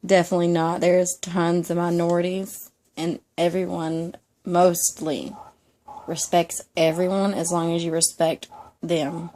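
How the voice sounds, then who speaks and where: A woman's voice: fairly low pitch, little pitch movement, measured pace, mellow, slight background noise. A young woman from Georgia with a Southern Georgia accent, chatting casually and emphatically in an ASMR vlog. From Georgia, USA. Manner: chatty, emphatic, frequent "definitely" and "like". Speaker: ASMR vlogger.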